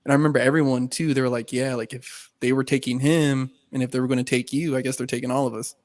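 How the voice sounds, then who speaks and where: A young man co-hosting a podcast, telling a story in animated, slangy talk with lots of swearing and laughter. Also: mid-range voice, fast talker, no echo, clean studio sound. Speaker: podcast co-host. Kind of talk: casual chat, storytelling.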